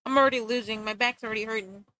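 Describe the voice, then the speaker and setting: Woman streamer, casual chat while drawing; high, sharp voice, animated and self-mocking. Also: rough recording. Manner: animated, joking, self-mocking, quick to laugh. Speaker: livestreamer.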